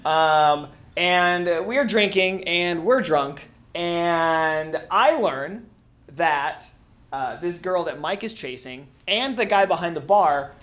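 A man's voice: on the high side, expressive, slow, a bit bright, a little hiss or hum. A man from Missouri telling a funny story on stage, often laughing at his own tale. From Springfield, Missouri. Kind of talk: live comic storytelling.

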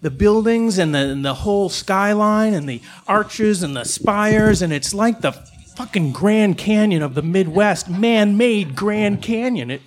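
An older man from Chicago telling a rambling live story, with restarts and frequent swearing. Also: high-pitched. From Chicago's South Side.

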